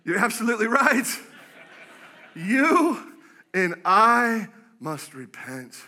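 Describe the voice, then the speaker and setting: Man, pastor, energetic sermon, high voice, very bright tone. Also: takes it slowly. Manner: animated storytelling, acts out quoted voices.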